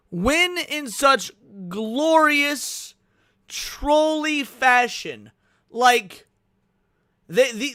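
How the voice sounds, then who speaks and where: High, bright-voiced excitable man. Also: clean tone, no room sound, studio quality. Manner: profane, excitable, drawn-out for emphasis. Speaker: livestream host. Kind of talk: casual livestream commentary.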